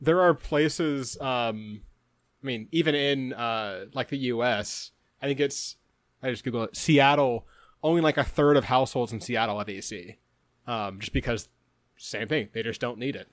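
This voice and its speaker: A man co-hosting a podcast, joking and chatty with quick asides. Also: medium pitch, no echo. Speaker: podcast co-host. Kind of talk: casual podcast chat.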